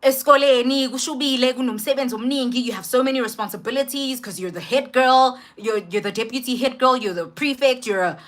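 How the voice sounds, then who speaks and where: A young woman with a South African accent who tells a personal story in a casual vlog, switching between English and Zulu in an animated, slangy way. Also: sits high, fast talker, hardly any pauses. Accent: South African, mixing in Zulu. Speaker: vlogger.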